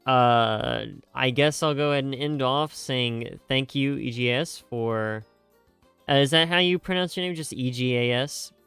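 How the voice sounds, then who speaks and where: A man's voice: mid-range voice, unhurried, a bit bright, clean tone, no room sound, faint music behind. A young man chatting casually on a live stream, rambling and joking at himself with lots of fillers and restarts. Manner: rambling, jokey, self-mocking, many fillers and restarts. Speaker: streamer reacting to game music.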